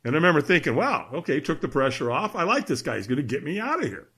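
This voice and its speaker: A middle-aged man telling a story with a bright, forceful tone and a slightly husky edge. His pitch swings widely as he acts out the voices in his tale, sitting a little high for a man. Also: very animated, fast. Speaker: podcast guest. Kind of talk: animated storytelling.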